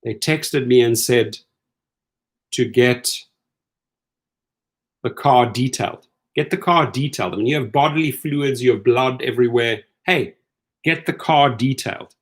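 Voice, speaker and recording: A man's voice: mid-range voice, measured pace, pauses often. A middle-aged man hosting rideshare commentary in a casual, incredulous rant, acting out the people he quotes. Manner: animated, incredulous, acts out quoted lines.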